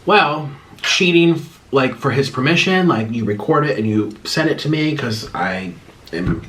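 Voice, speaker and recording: A young man chatting casually on his vlog while eating spicy food, his mouth burning, clearing his throat often and rambling through viewer questions. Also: medium pitch, expressive, a little slow, a bit bright, poor audio. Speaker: vlogger.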